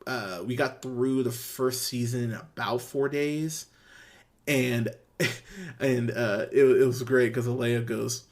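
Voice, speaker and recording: A man's voice: mid-range voice, steady tone, takes it slowly. Enthusiastic, swearing podcast host man. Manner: enthusiastic, profane, full of restarts and fillers. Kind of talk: casual review chat.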